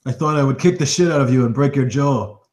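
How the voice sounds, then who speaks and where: A man's voice: medium pitch, lively intonation, moderate pace, darkish tone, natural voice. A man voicing a hostile, profane male warrior who threatens to fight, speaking in a raised, menacing way. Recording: echoey room.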